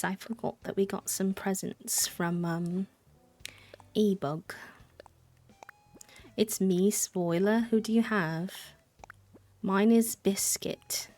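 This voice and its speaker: A woman's voice: medium pitch, darkish tone. A young woman streaming a game live, chatting in a rambling way, answering her chat and thanking subscribers. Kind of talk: casual live-stream chat while gaming.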